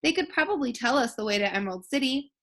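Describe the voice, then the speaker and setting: A woman's voice: fairly high pitch, expressive, fast talker, a bit bright. A woman voicing an earnest, hopeful young girl in a read-aloud storybook. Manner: eager, polite.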